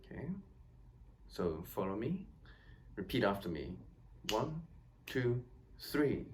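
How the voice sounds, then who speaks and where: A man's voice: on the low side, very animated, takes it slowly, over loud music. A man teaching a violin lesson, counting beats aloud and explaining patiently with encouraging words. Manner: reassuring, encouraging. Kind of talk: step-by-step instrument lesson. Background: violin playing.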